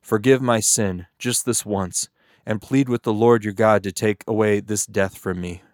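A man's voice: fairly low pitch, fairly even intonation, unhurried, darkish tone, no echo, clean studio sound, lightly acted. A man reading the lines of a proud, stubborn king in a Bible reading, with a firm, commanding delivery. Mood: pleading.

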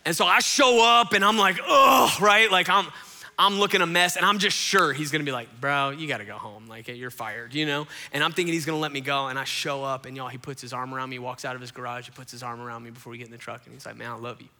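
Bright-voiced pastor preaching in a hall. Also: male voice, a little high, fast. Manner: animated storytelling, addresses crowd as y'all. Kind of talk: sermon. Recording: long hall reverb.

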